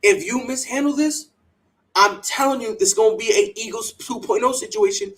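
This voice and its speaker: A sports podcast host delivers opinionated takes at normal speed in a mid-range voice, on a rough recording. Fired-up and emphatic, he often repeats words and mocks others by putting on quoted voices.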